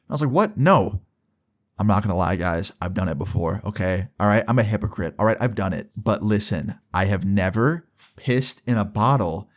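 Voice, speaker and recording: A young man telling a storytime vlog in a casual, profane way, with lots of filler words. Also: fairly low pitch. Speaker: vlogger.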